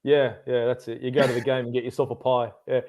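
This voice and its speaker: A man's voice: medium pitch, little pitch movement, quick pace, a little mellow. A man co-hosting a live football watchalong, teasing his partner in blunt, sweary banter. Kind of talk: casual live match chat.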